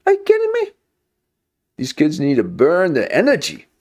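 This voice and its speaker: A man doing a high-pitched voice of a preachy ranting man who lectures the folks. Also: huge pitch swings, normal speed, darkish tone.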